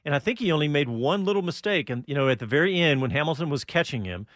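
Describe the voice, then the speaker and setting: Lively higher-voiced podcast man. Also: quick pace, no echo, clean studio sound. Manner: animated, laughs along often. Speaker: podcast co-host. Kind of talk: casual motorsport chat.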